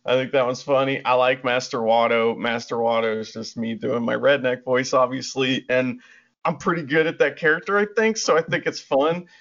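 A man's voice: medium pitch, fairly even intonation, normal speed, fairly bright tone. A man co-hosting a podcast in casual chat, giggly, loose and rambling. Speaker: podcast co-host. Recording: dull lo-fi audio.

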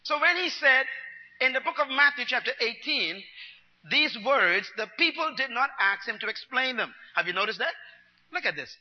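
A man preaching a sermon, teaching his congregation, going from quiet muttered asides to loud, driving declarations. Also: very high-pitched, animated, normal speed. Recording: dull long-reverb hall sound.

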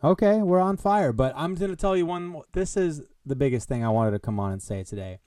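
A man hosts his solo comedy podcast, rambling from one bit to the next in a joking, mock-grandiose tone. His voice sounds smooth and clear. The recording is close and dry, with no room sound. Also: mid-range voice, quick pace, mellow, dry recording. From American Midwest. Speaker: podcast host. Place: Des Moines. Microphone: headphones on, home podcast mic.

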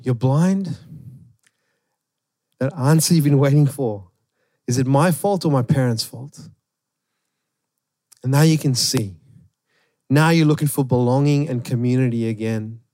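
A man preaching a sermon, retelling a story with animated emphasis. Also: mid-range voice, measured pace, pauses often, no echo, clean studio sound. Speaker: pastor.

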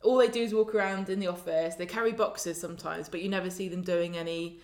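A woman's voice: on the low side, steady tone, a little mellow. Woman chatting away about a soap, does little voices for the characters. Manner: chatty, acts out lines in quick put-on voices. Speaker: podcast co-host. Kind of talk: casual chat recapping a soap episode.

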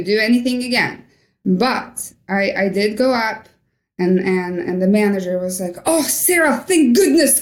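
A young woman from Norway recounts a personal story as a guest, slipping into the voices of the people she quotes. Her voice sits a little high. The recording has a noticeable roomy echo. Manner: animated storyteller, acts out quoted dialogue. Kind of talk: storytelling interview.

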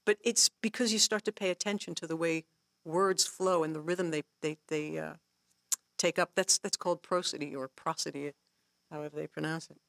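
A woman guest teaching songwriting in a casual workshop talk, animated and laughing often, acting out her own inner thoughts as she tells stories. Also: low voice, moderate pace, vocal fry, no room sound, studio quality. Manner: laughs often while explaining.

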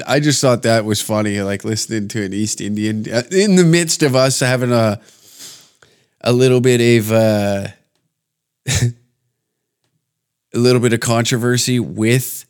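A man from Canada hosts a podcast and launches into a meandering, foul-mouthed, scornful rant. His mid-range voice is smooth and measured, broken by long pauses.

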